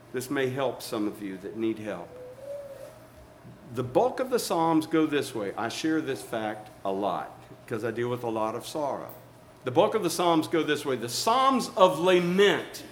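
A man preaching a sermon, swinging from soft and low to loud and high.

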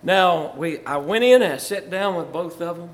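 A man's voice: high-pitched, expressive, moderate pace. An older man from Virginia, a pastor telling church stories in a folksy way, chuckling and rising to fervor. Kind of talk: storytelling testimony.

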